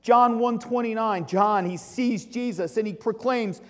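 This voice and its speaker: High-voiced preacher in a reverberant church. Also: male voice, a little slow, few pauses. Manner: emphatic preaching, swinging between loud exclamation and quiet asides. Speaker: pastor. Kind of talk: sermon. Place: church sanctuary. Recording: long reverb of a church hall.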